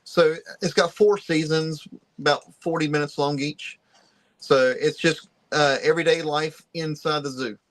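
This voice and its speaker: A man talks casually on a podcast, relaxed and taking his time to explain. His voice sits a bit higher than most men's. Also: unhurried. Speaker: podcast co-host. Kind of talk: casual chat.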